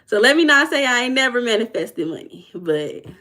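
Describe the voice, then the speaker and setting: A woman's voice: on the high side, very animated, normal speed, sharp tone. A young woman coach chatting casually with viewers, telling stories and calling them y'all. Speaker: manifestation coach answering viewers live. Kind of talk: casual livestream chat.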